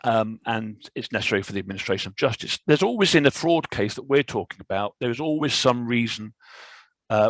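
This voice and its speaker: Male barrister, low and gravelly, explaining steadily on a webinar call with plenty of "um"s. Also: fairly bright tone, no echo, low-quality recording. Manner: measured, explanatory, with frequent fillers. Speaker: barrister presenting a legal webinar. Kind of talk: webinar presentation. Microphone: video call microphone.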